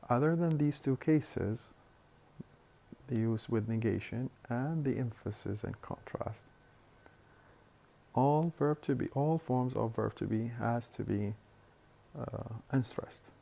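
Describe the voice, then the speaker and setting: A man lecturing on phonetics, explaining slowly and deliberately with hesitant fillers and repeated words. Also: mid-range voice, vocal fry, mellow. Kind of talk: recorded university lecture.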